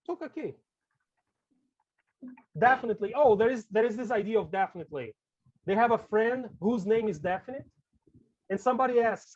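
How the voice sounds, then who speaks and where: A man's voice: high voice, lively intonation, moderate pace, long pauses, husky, lo-fi sound. A man with a Brazilian Portuguese accent, a native Portuguese speaker, gives a casual teacher-training talk to colleagues. He is chatty and keeps tagging his lines with "okay?" and "right?".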